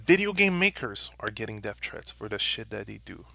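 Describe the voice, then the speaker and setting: A young man delivering an angry, profanity-filled vlog rant and shouting at times. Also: on the low side, sing-song, brisk, creaky. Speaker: vlogger.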